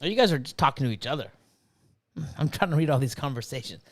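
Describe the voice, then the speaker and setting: A man's voice: mid-range voice, expressive, fast talker, fairly bright tone. A man in his fifties ranting casually on a livestream, swearing freely and reading viewers' chat aloud. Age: 50s. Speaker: livestream host and snake breeder.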